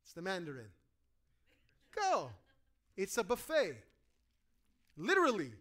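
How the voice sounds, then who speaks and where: A man preaching a sermon to a congregation, animated, acting out quoted voices and asking his listeners questions. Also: high voice, a little slow. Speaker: pastor.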